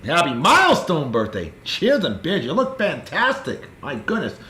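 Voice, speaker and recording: A man, hosting a casual daily video and giving effusive, upbeat birthday shout-outs straight to friends. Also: fairly high pitch, wildly swooping pitch, moderate pace. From Martha's Vineyard, Massachusetts. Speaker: host of a daily beer video. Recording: echoey room.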